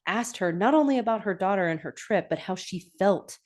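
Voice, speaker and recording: A woman's voice: mid-range voice, expressive, fairly quick. A woman hosting a podcast, chatting casually through an episode recap and correcting herself as she goes. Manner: chatty, self-correcting, laughs often. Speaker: podcast host.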